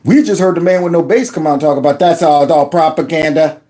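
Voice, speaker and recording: A man hosting a political commentary show, talking over clips in an animated, mocking way and repeating phrases in a singsong. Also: fairly high pitch, fast talker. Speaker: commentary channel host.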